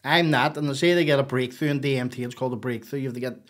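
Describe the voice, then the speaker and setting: Man, podcast guest, mid-pitched voice, animated and profane, rambling storytelling. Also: rapid-fire. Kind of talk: casual storytelling.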